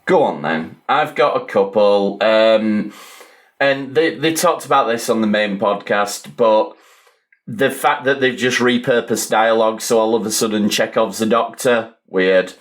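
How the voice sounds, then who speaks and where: A man's voice: on the low side, unhurried. A man, hosting a casual podcast roundtable and rambling with dry asides.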